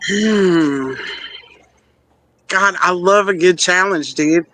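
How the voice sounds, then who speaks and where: A woman contestant on a comedy game show, eager and quick-talking as she takes on a challenge. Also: on the low side, a bit bright. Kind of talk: casual chat.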